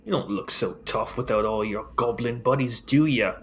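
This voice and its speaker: A sneering, cruel prison jailer, put on by a man running a tabletop game. He taunts his captives with open contempt, his voice at an everyday pitch. A faint hiss sits under the recording. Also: moderate pace, lightly acted.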